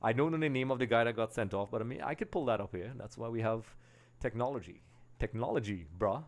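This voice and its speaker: Male host, from Trinidad and Tobago, casual live-stream talk, mid-pitched and smooth. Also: quick pace. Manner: chatty, reads out viewer comments and greets them. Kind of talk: casual watch-along chat.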